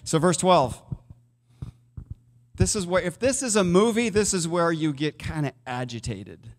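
Animated yet measured in pace, a high-voiced male pastor preaches in a church sanctuary that gives his voice a big-room sound. He talks with his congregation conversationally, asking them questions as he goes.

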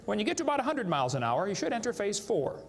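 A man's voice: high-pitched, wildly swooping pitch, very fast. A man giving a live seminar lecture to an audience, joking and emphatic as he plays to the crowd. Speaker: creationist speaker. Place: large hall with a live audience. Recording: echoey hall with faint background noise.

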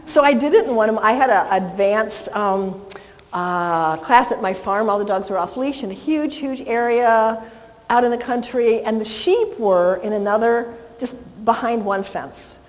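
A woman's voice: on the high side, normal speed. Chatty woman dog trainer in a reverberant hall. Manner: chatty, animated, praises the dog in a soft coo. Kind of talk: live class instruction.

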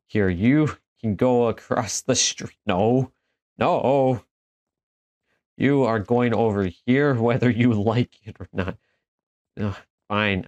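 A man commenting as he plays horror games, joking and laughing easily and chatting to the characters on screen. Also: on the low side. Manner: jokey, laughs easily, talks to the game characters. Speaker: gaming video host. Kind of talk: horror game let's play commentary.

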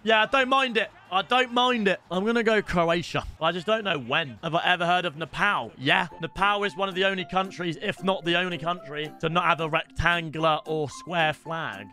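Excitable sweary British streamer, bright voice. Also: male voice, sits high, normal speed, hardly any pauses, soft background music. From Britain. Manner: swearing, excitable outbursts, chats to viewers. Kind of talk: casual game stream chat.

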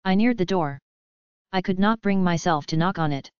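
Smooth low-voiced woman narrating an audiobook. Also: normal speed, no echo, muffled recording. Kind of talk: first-person audiobook narration.

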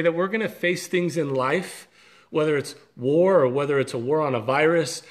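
Earnest pastor, a man with a fairly high voice. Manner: earnest, conversational, with small restarts. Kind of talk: devotional video talk.

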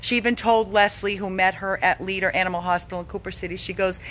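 A woman's voice: medium pitch, steady tone, quick pace, hardly any pauses, a bit bright, slight background noise. A woman who heads an animal rescue, making an urgent, emotionally drained donation appeal and pleading over and over. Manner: pleading, repeats herself, begging.

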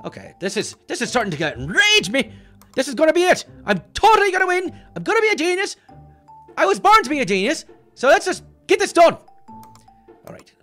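A man's voice: sits high, huge pitch swings, vocal fry, fairly bright tone, slightly rough, faint music behind, full character voice. A man doing a boastful leprechaun. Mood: excitable. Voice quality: boastful, bouncy, quick to get annoyed. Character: clumsy short-tempered male leprechaun. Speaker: let's-play host. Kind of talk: cartoon character game commentary.

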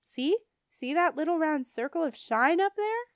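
A woman's voice: high-pitched, expressive, normal speed, dry recording, clean studio sound, pitched above the performer's own voice. A woman voicing a bossy, chatty little kindergarten girl in a raised, eager voice. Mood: excited.

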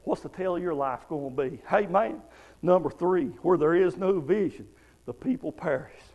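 High gravelly preacher man. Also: moderate pace, a little mellow, poor audio. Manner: fervent revival preaching, repetitive "amen" and "hey, man". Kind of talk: sermon. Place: church sanctuary.

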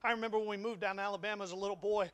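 A man's voice: high-pitched, steady tone, rapid-fire, fairly bright tone, clear, resonant tone. A young man preaching a sermon in a church, folksy and emphatic, often stammering and repeating words. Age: young adult. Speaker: pastor. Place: church sanctuary.

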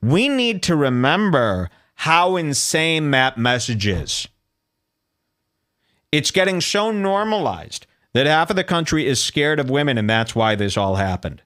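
Male podcast host, solo rant, lively swinging pitch, incredulous. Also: measured pace. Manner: animated, incredulous ranting, reading posts aloud. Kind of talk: solo commentary show.

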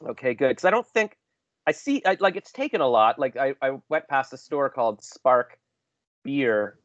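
A man's voice: medium pitch, animated, moderate pace, no room sound. A chatty man hosts a casual interview, rambling and poking fun at himself. His voice sits mid-range and sounds dry and close. The call audio is dull and lo-fi. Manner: chatty, self-deprecating, rambling with restarts. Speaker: podcast host.

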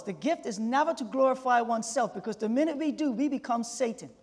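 A Sabbath School teacher leading a church Bible discussion, urgent, calling on others and bursting into shouted emphasis. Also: medium pitch, lively intonation, quick pace. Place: church sanctuary. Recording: long church-hall reverb.

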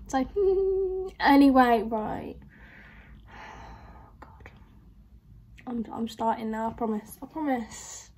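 Young woman, reaction vlogger, bubbly rambling anecdotes, slightly raised pitch. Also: slow pace, pauses often, background noise. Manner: chatty, animated, laughing through stories. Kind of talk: casual reaction vlog storytelling.

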